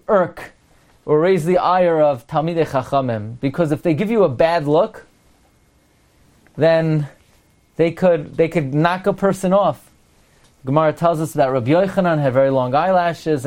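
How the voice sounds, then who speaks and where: A man, his carrying a lilt, gives a Torah class in a fairly high voice. He poses one question after another and slows down to read each verse. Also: darkish tone. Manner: asks rhetorical questions, quotes Hebrew verses slowly. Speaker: rabbi teaching Torah.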